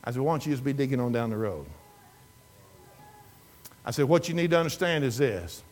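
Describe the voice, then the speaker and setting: A man's voice: medium pitch, lively intonation, a little fast, a little mellow. A man preaching a sermon as pastor, telling a story with emphatic, repetitive delivery. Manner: emphatic storytelling preacher, repeats words, rises and falls in intensity.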